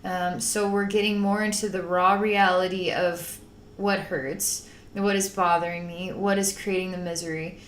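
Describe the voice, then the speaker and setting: A woman's voice: on the low side, flat delivery, moderate pace, echoey room, a little hiss or hum. A woman psychic talking through a spiritual healing session in a rambling, emotive way, at times acting out panicked voices. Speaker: psychic channeler.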